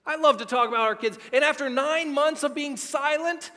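A middle-aged male pastor preaching a sermon, excitable and emphatic, swinging between near-shouting and hushed tones. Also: very high-pitched, moderate pace, big-room sound. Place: church sanctuary.

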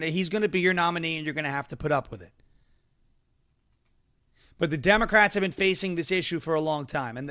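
A man's voice: high voice, fast talker, fairly bright tone. A man hosting a political talk livestream, ranting with a combative, sarcastic edge. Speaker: political talk show host.

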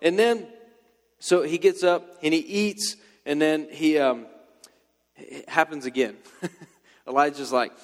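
A young man giving a laid-back, slang-filled sermon as a youth pastor. His voice sits a little high for a man. It rings out with the long reverb of a big hall. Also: slow, long pauses. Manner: casual, slangy, storytelling.

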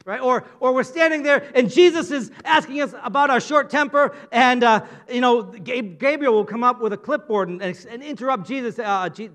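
A man's voice: extremely high pitch, moderate pace, hardly any pauses, a bit bright. A male preacher giving a sermon in a playful, conversational way, often asking the congregation questions. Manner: playful, conversational, asks the audience.

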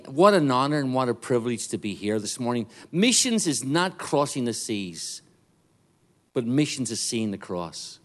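Northern Irish man, middle-aged, guest preacher, jokes then fervent pulpit delivery. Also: mid-range voice. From Northern Ireland. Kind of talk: sermon with jokes. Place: church before a congregation.

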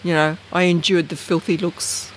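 Speaking at normal speed over slight background noise, this woman from Bathurst Island, northern Australia, shares personal stories during an interview. Her storytelling is casual and rambling, packed with fillers and restarts, and she brings quoted voices to life with lively, wide pitch leaps.

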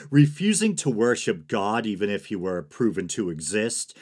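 Man, lowish voice, flat monotone, sedated, dry sarcasm, podcast host monologue. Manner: dry, sarcastic asides with soft laughs. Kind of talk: solo podcast commentary.

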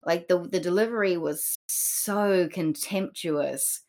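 A woman's voice: fairly low pitch, takes it slowly, a little mellow. A woman co-hosting a podcast, chatting casually about a play with many fillers and acted-out quotes. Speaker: podcast co-host.

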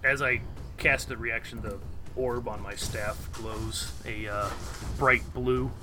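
A young man playing a tabletop game, relaxed and a little halting as he describes his moves. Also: medium pitch. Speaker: player. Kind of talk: casual tabletop play.

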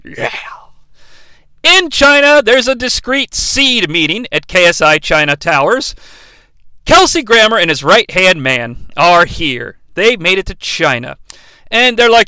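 A man's voice: sits high, sing-song, moderate pace, pushed and bright, no room sound. A man hosting a comedic movie review, rambling, profane and sarcastic. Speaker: host.

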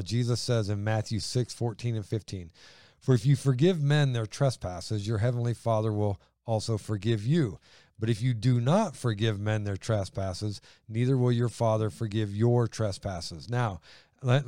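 A man's voice: medium pitch, dark tone, dry recording, studio quality. A man hosting a faith talk show, explaining Bible verses in a plainspoken, step-by-step way. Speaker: host and Bible teacher. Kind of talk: casual Bible teaching.

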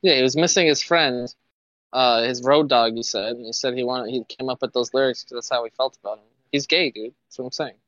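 A man's voice: medium pitch, fairly quick, a bit bright, dry recording. A man in casual podcast banter, teasing and hesitating with fillers, on a dull lo-fi remote line.

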